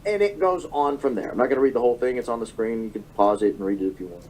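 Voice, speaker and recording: A man's voice: medium pitch, rapid-fire, a little mellow, a little hiss or hum, low-quality recording. A man in his thirties giving an emotional political monologue, often repeating phrases and correcting himself. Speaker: political commentator. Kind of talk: monologue commentary.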